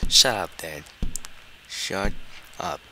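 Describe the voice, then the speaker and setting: A man voicing a whiny young son who bickers with his dad, slow and drawn out, low-toned, in a gaming video with steady background noise. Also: exaggerated voice. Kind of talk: let's play commentary.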